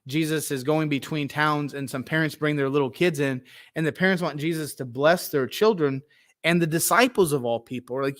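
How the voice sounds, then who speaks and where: Guy pastor giving a sermon, talks like a normal conversation, does little voices for the stories. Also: a little high. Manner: conversational, plays out Bible scenes in quick voices.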